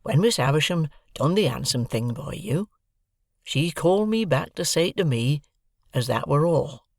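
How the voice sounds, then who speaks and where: A man voicing a slow, kindly village blacksmith who talks in plain rustic dialect, weighing every word. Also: on the high side, expressive, vocal fry, dry recording, clean studio sound, full character voice. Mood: ponderous.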